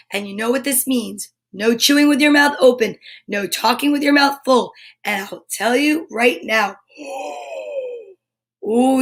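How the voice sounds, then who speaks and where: A woman hosting a live children's show, bubbly and excitable, with playful asides and quick drops to a whisper. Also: on the high side. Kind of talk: live-streamed kids' show chat.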